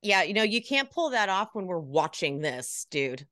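A woman's voice: fairly low pitch, sing-song, normal speed, a bit bright, no echo, studio quality. A woman guest on a casual reality TV recap podcast, reacting bluntly and with exasperation.

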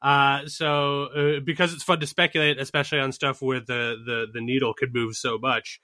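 A man's voice: medium pitch, flat delivery, moderate pace, bright, forceful tone, no echo, studio quality. A man moderating a casual political panel, rambling with many fillers.

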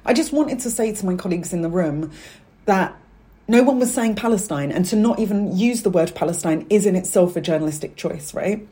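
A woman's voice: mid-range voice, lively intonation, brisk, warm tone. A woman, a guest talking openly and animatedly in an interview, with asides and fillers. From England. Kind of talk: interview conversation.

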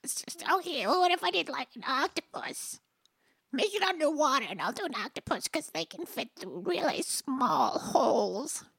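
A woman playing a tabletop game, playful and quick with asides. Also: high voice, expressive, creaky, fairly bright tone, no room sound. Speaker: player. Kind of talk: tabletop game play, casual chat.

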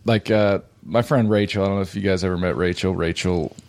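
A man's voice: deep voice, fairly even intonation, brisk, a little mellow. A man hosting a podcast, talking loosely and casually, laughing and swearing as he goes. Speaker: podcast host. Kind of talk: casual chat.

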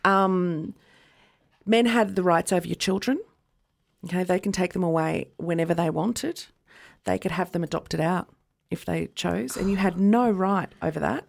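A woman's voice: on the low side, moderate pace, creaky. A woman co-hosting a podcast, casually telling a history story and checking in with "okay" as she explains step by step. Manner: chatty, says "okay" a lot, explains step by step. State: rocking a baby while talking. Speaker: podcast co-host.

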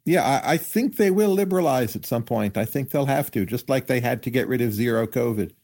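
Man, economist guest on a podcast, measured and analytical delivery. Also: medium pitch, lively intonation, darkish tone. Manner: measured, analytical, hedging with hypotheses. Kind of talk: podcast interview answers.

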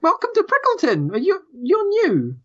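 A woman's voice: extremely high pitch, huge pitch swings, moderate pace, fairly bright tone, muffled recording, voice pushed up, exaggerated voice. A woman voicing a stern male squirrel of a small town, curt and judging. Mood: dry.

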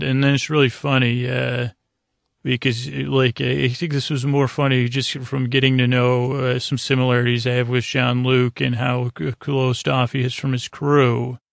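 Gravelly, even-toned male podcast host. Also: medium pitch, moderate pace, dry recording. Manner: rambling, with frequent ums and restarts; playful asides and jokes. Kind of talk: casual episode recap.

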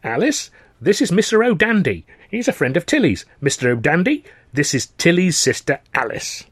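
A man voicing an excitable older seaside father who talks in urgent, conspiratorial bursts and jumps into high, fussy tones. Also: normal speed, husky, dry recording, studio quality, heavily acted. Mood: jovial, fussy.

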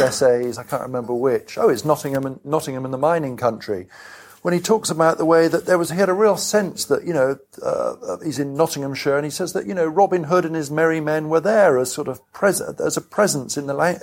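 A man's voice: on the high side, a little fast. A man being interviewed about his book at a live event. He talks in a rambling, self-deprecating way with frequent restarts. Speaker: author and guest. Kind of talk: conversational onstage interview. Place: live event venue with an audience.

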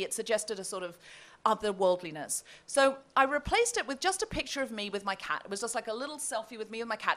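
Lively high-pitched woman telling a comic story. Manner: animated, reads out messages with relish. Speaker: comedian telling a story on stage. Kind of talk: live comedy podcast storytelling. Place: comedy festival stage before a live audience.

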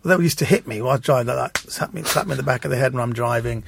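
A man, a comedian guest, telling anecdotes in an animated way in casual chat and acting out the voices he quotes. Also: mid-range voice, racing, creaky, background noise.

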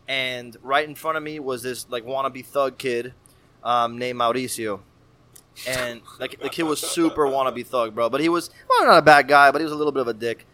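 A man in his thirties telling a story in casual chat, animated and profane, acting out voices. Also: medium pitch. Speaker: podcast guest.

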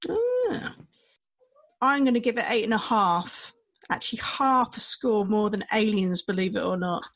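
A woman co-hosting a casual film review podcast, relaxed and easygoing. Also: medium pitch, unhurried, poor audio. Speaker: podcast co-host.

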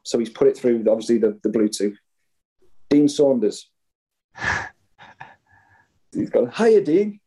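A man in his thirties recounts an old story in a relaxed chat, slipping into the voices of the other people involved. His tone is warm and dark, with a husky edge to it. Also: mid-range voice, slow, pauses often, rough recording. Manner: animated anecdote-telling, acting out others' voices. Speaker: guest storyteller. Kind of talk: casual chat.

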